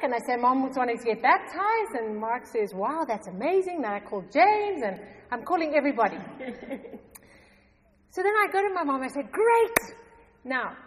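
A middle-aged woman telling a personal faith story to a congregation, animated and often laughing. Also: sits high. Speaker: church member giving testimony. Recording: long hall reverb.

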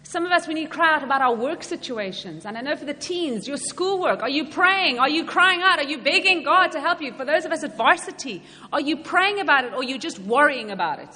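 A woman's voice: high-pitched, animated, a little fast, few pauses, bright, forceful tone, slight background noise. A woman preaching a sermon to women, earnest and repeating questions to the audience. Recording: long hall reverb, faint ambience.

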